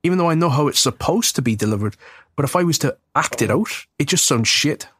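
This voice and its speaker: A man's voice: a little high, animated, fast, fairly bright tone, husky, dry recording, clean studio sound. A man co-hosting a film commentary podcast in casual chat, rambling and self-deprecating, and he swears freely. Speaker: podcast co-host and screenwriter.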